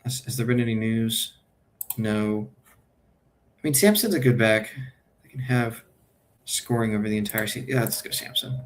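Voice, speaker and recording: A man's voice: lowish voice, normal speed, long pauses, a little hiss or hum. A man streaming his fantasy football draft, thinking aloud in a casual, hesitant way and correcting himself as he goes.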